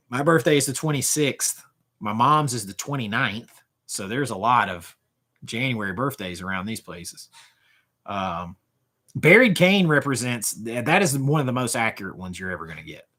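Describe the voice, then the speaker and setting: A man in his forties chatting casually on a livestream, with a bright, forceful tone. His pitch swings all over as he reacts to chat comments. He rambles and restarts his sentences often. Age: 40s. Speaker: livestream host.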